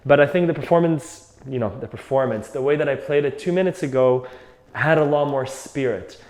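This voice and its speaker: A man's voice: medium pitch, fairly quick, a little mellow. Reflective male accordion teacher, roomy sound. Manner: thinks aloud, loose and reflective. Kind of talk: casual music lesson. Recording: roomy echo, faint accordion.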